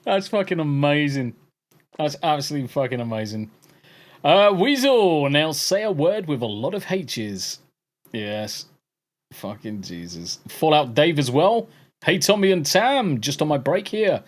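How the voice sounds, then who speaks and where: English man, podcast host, profane jokey banter, lively pitch. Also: a little slow. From England. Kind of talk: casual chat with live viewers.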